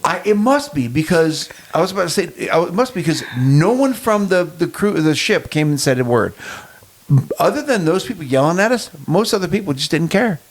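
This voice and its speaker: A middle-aged man co-hosting a casual podcast, telling an animated travel story with chuckles. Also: high-pitched, a little fast. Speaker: podcast co-host. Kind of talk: casual chat.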